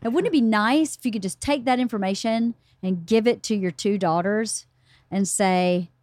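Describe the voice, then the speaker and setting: A woman's voice: mid-range voice, normal speed, a little mellow, dry recording, studio quality. A middle-aged woman hosting a casual book club podcast, telling family stories in a chatty way. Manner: chatty storyteller, acts out family dialogue. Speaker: podcast host.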